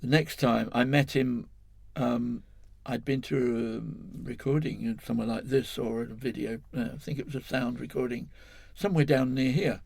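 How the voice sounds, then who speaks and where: A man's voice: medium pitch, fairly even intonation, moderate pace, gravelly, hardly any pauses, darkish tone, slightly rough, dry recording. An older man from England, a guest in an interview, telling a long story in a rambling, self-correcting way, chuckling as he goes.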